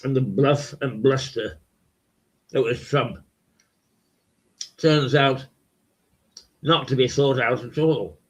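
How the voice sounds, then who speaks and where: An older man from hosting a local webcast, talking in a slow, rambling, croaky voice full of fillers. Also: medium pitch. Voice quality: croaky, gravelly voice. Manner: slow, halting, many fillers and repeats. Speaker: local TV host. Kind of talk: rambling casual monologue. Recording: dull lo-fi webcast audio.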